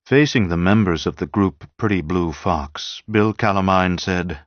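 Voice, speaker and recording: A man narrating an audiobook in a measured, even storytelling manner. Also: low voice, no room sound. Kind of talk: audiobook reading. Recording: dull dry lo-fi sound.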